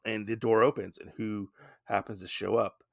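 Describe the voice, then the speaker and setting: Male podcast host, low voice with gravel, dry close sound, loose rambling recap. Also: little pitch movement, moderate pace, no echo. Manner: rambling, with many fillers and asides. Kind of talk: casual comic book recap.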